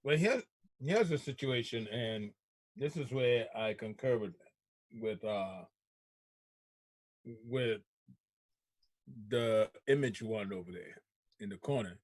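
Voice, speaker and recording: A man's voice: lowish voice, animated, takes it slowly, pauses often, no echo. A man co-hosting a casual group talk show, speaking emphatically and repeating himself for stress.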